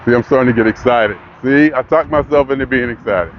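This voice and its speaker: A man's voice: medium pitch, fairly quick, hardly any pauses. Older man, rambling vlog talker who works himself up; dull lo-fi outdoor audio with faint hiss. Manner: rambling, talks himself into excitement. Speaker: vlogger. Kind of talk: casual monologue.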